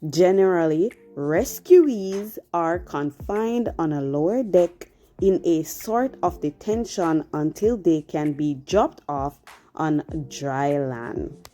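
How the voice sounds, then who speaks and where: A woman's voice: low-pitched, lively intonation, slow pace, dark tone. A woman narrating a cruise vlog in an explanatory, conversational way. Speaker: cruise vlogger.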